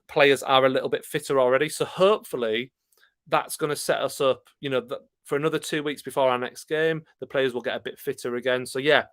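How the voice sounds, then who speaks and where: A man with a Yorkshire accent hosting a casual live stream, chatting relaxed and laughing often as he answers comments. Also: medium pitch, dry recording, studio quality. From Yorkshire, England.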